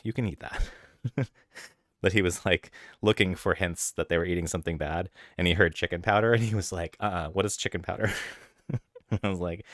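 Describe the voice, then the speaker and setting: A man's voice: sits low, no room sound, clean studio sound. A man streaming live from home late at night, chatting with viewers in an easygoing storytelling way. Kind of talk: casual chat with viewers.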